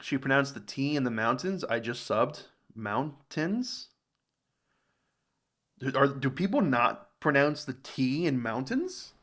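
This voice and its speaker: An American man hosting a reaction video, thinking aloud in casual commentary, rambling and jumping into sudden high exclamations. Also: slow pace. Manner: rambling, thinks aloud, animated jumps in pitch.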